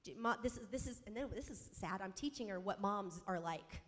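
A mother telling a personal faith story in an animated, self-mocking way, acting out the dialogue. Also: medium pitch, brisk. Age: adult mother. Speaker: speaker sharing a faith story. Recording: long hall reverb.

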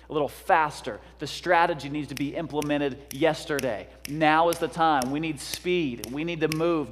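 A man's voice: a little high, big-room sound. A man preaching a sermon as pastor, urgent and exhorting, with joking asides.

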